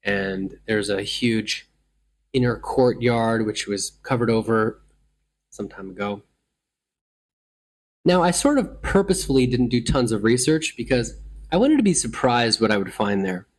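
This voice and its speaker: A man's voice: medium pitch, expressive, measured pace. A man from the United States hosting a travel show, telling his stories in a thoughtful, meandering way with frequent restarts. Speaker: travel podcast host. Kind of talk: reflective travel storytelling.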